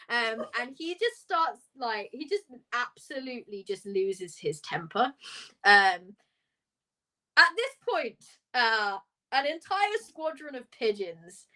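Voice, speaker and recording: A woman running a tabletop one-shot as game master, narrating in a lively way with many fillers and laughs. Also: a little high, takes it slowly.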